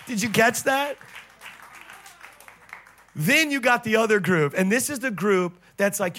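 A male pastor giving a lively sermon, joking with his congregation and laughing often. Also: high-pitched, a little slow, long pauses, a faint crowd.

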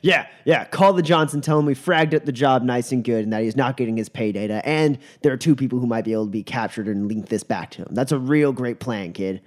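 A man's voice: a little high, very animated, slow pace, pitched above the performer's own voice, heavily acted. A man voicing a hardened male runner who is blunt, scornful and sarcastic. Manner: sarcastic, shouting.

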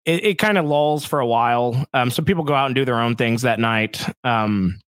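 A man of middle pitch recounts a long story in an easy, measured voice, pausing often to gather his thoughts. The recording is dry and close. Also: dry recording. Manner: relaxed, measured, many fillers like um. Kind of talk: casual storytelling chat.

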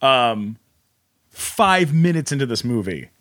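Bright, animated man telling a story. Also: mid-range voice. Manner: animated, incredulous storytelling with quick asides. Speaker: podcast guest. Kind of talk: casual chat.

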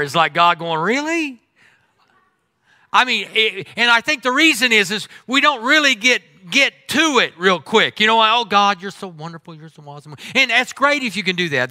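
A man preaching a humorous sermon as pastor, animated, swinging between loud exclamations and quiet asides. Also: high-pitched, dry recording.

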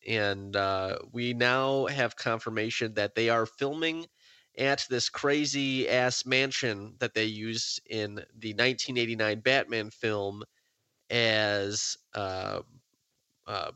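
A man's voice: lowish voice, takes it slowly, pushed and bright, clear, resonant tone, no room sound. A man hosting a podcast in casual chat, easygoing, laughing often, with plenty of fillers. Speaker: podcast host.

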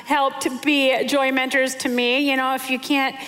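Woman, 40s, sermon speaker; high-pitched, chatty, self-mocking; long church-hall reverb. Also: flat delivery, a little slow, fairly bright tone, clear, resonant tone. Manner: chatty, self-deprecating storytelling with many fillers. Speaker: pastor's wife preaching.

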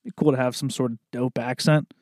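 Speaking briskly in a mid-range, darkish voice with fairly even intonation, a young Maryland man with an East Coast accent rambles through his solo podcast, relaxed and freely profane. It's a studio-quality recording made in a recording studio, with no echo.

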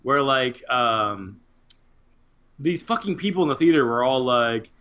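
A man's voice: mid-range voice, lively intonation, a little slow, a bit bright. A man in casual podcast chat, joking and profane, acting out quotes. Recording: dull lo-fi sound.

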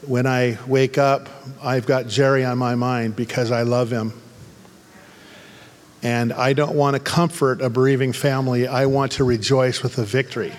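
Fervent pastor in a reverberant hall. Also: male voice, mid-range voice, level tone, normal speed. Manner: humorous storytelling turning to fervent, angry exhortation. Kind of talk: sermon.

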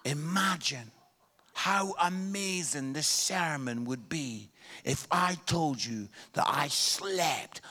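A pastor telling a story in his sermon with animated delivery, breaking into shouts at times. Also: mid-range voice.

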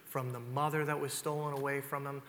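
A man's voice: medium pitch, flat delivery, fairly quick, a bit bright, a little hiss or hum. A male pastor preaching a storytelling sermon, retelling scripture in casual, conversational words. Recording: long hall reverb.

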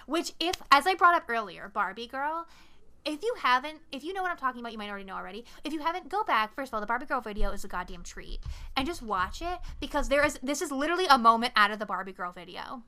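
Bright, animated young woman podcast host. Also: sits high, quick pace, clear, resonant tone. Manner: animated, profane retelling with acted-out quotes. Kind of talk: casual movie recap chat.

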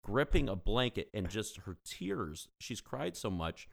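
A man's voice: on the low side, very animated, a little slow, creaky, no echo. A man in his thirties, a podcast co-host, telling a story in casual chat and animatedly acting out the people in it. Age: 30s.

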